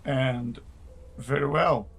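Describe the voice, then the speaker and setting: Slow, halting game master man. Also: mid-range voice, a bit bright, slightly rough. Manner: halting narration full of filler sounds. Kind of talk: narrating a live-play tabletop game.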